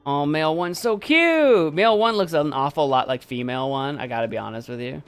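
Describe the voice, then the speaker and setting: A man's voice: on the high side, lively intonation, a little fast, clean tone, faint music behind. A man chatting casually on a live stream, giving playful commentary.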